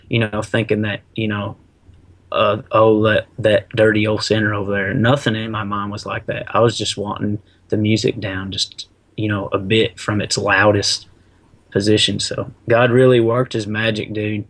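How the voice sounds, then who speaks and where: A man, middle-aged, telling a personal story in a casual, animated way, full of slang and acted-out quotes. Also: fairly low pitch. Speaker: guest.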